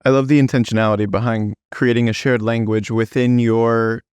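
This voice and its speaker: A man hosting a podcast, asking a guest a thoughtful, measured question. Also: mid-range voice, flat delivery, darkish tone, smooth, no room sound. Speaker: podcast host. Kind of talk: interview questions.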